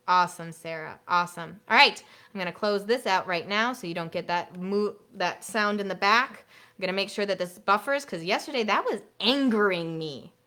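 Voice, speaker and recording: Speaking in a voice on the low side, a female music teacher runs a live online workshop for other teachers. Her manner is playful and talkative, though she goes soft and hushed on her computer mic when modeling classroom routines.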